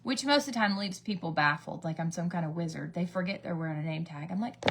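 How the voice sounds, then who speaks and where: A woman's voice: lowish voice, quick pace, a little hiss or hum. A woman in her thirties from the United States, doing a rambling, gossipy get-ready-with-me chat as a beauty vlogger, acting out the voices in her stories. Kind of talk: chatty get-ready-with-me storytelling.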